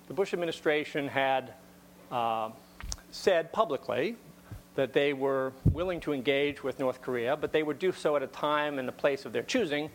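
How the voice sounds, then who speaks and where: A man's voice: mid-range voice, slight background noise. A man giving a talk to an audience, telling a story conversationally with wry asides and frequent repeated words.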